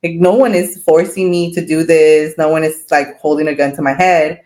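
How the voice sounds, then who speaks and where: A woman's voice: deep voice, steady tone, moderate pace, dark tone. A woman speaking as a podcast guest in casual chat, candid, swearing freely and laughing often.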